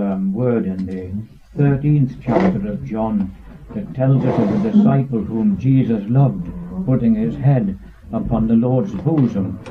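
A man's voice: medium pitch, slight background noise. A man taking part in a Bible study discussion, thoughtful and quoting scripture. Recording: tinny phone-like recording.

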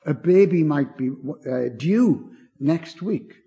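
An older preacher with a high, highly animated voice that climbs on emphasis and sinks to a hush. His delivery is slow, earnest and gentle. The recording sounds dull and lo-fi. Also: vocal fry. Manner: earnest and gentle, rising with emphasis then dropping low. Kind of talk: sermon.

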